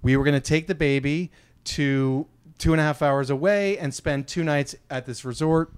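A man's voice: fairly high pitch, normal speed, clean tone, no room sound, clean studio sound. A man co-hosting a podcast, telling a story earnestly and defending it, speaking into a handheld microphone in casual banter. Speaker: podcast co-host.

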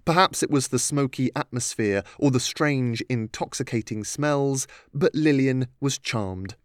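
A man's voice: mid-range voice, unhurried, no room sound. Man reading a storybook, dry sound. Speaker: narrator. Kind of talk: audiobook narration.

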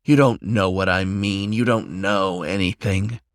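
A man's voice: low-pitched, steady tone, a little slow, no room sound, studio quality. A man voicing a proud, grieving female dragon matriarch who speaks in a bitter, subdued way.

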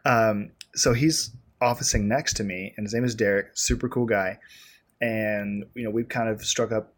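Husky, rambling podcast co-host man. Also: on the low side, moderate pace. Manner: rambling, animated storytelling with many fillers. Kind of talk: casual chat.

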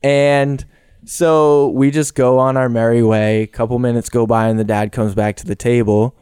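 A man's voice: medium pitch, little pitch movement, normal speed, a little mellow, clear, resonant tone, no room sound, studio quality. A man telling a story on a casual podcast, rambling with restarts and fillers.

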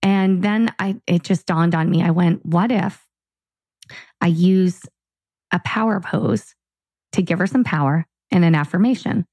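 A woman's voice: fairly low pitch, measured pace, no room sound. A woman co-hosting a podcast, telling a family story in casual chat and acting out the dialogue. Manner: animated storyteller, acts out dialogue. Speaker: podcast co-host.

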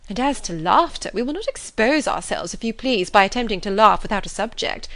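A woman's voice: medium pitch, animated, a little fast, fairly bright tone, no room sound. A woman reading the part of a haughty, scheming young society woman in an arch, affected manner. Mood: mocking.

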